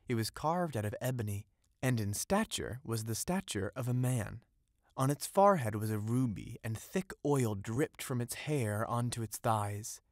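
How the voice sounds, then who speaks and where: A man narrating an audiobook of a classic fairy tale, in a steady, ornate storytelling read on a close mic. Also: mid-range voice, moderate pace, no room sound.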